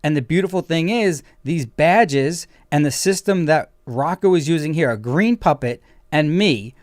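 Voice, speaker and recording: A man's voice: a little high, expressive, normal speed, no room sound. Emphatic male attorney host, dry close sound. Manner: emphatic, explanatory. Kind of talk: legal commentary talk show.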